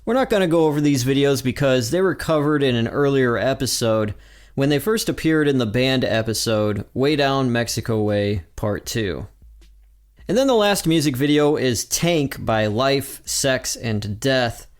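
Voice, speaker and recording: Lively male podcast host. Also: mid-range voice, measured pace. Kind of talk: recapping a cartoon episode.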